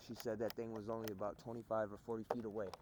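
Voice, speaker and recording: A man's voice: lowish voice, level tone, racing, very noisy. A man telling a rambling story for his vlog outdoors, swearing oaths and restarting his sentences over and over. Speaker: vlogger. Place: outdoors in snow.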